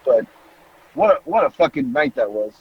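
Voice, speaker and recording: Lively husky man telling a wild story. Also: medium pitch, moderate pace, dull audio. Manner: animated, laughing, swearing freely. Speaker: podcast host. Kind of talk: casual storytelling.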